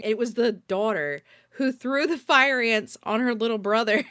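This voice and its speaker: A woman's voice: a little high, normal speed, hardly any pauses, a bit bright, smooth, dry recording, clean studio sound. A woman co-hosting a podcast, telling a neighborhood story in a playful, laughing way. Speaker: podcast co-host. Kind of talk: casual comedic storytelling.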